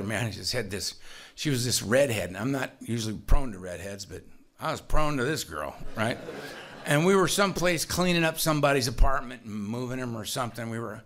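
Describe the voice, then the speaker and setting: Gravelly, bright-voiced man telling a story. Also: fairly high pitch. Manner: wry, self-mocking storyteller, grumbling asides and chuckles. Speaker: speaker sharing his recovery story. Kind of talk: storytelling talk at a recovery meeting.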